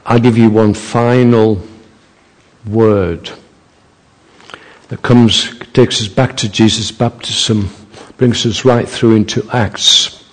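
A man preaching a sermon as a visiting speaker in a church, slow and emphatic, building to fervent climaxes. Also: on the low side, fairly even intonation. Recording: reverberant church hall.

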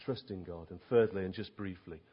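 A man's voice: deep voice, brisk, slightly rough. A man preaching a sermon in an earnest, emphatic way, asking his listeners rhetorical questions. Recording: dull lo-fi recording.

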